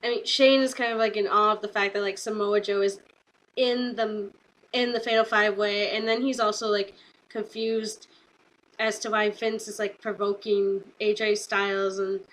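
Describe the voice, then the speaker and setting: A young woman getting over a cold chats through a wrestling show recap, using "like" constantly and replaying scenes with enthusiasm. Her voice is mid-range at a normal speed, and the audio quality is poor.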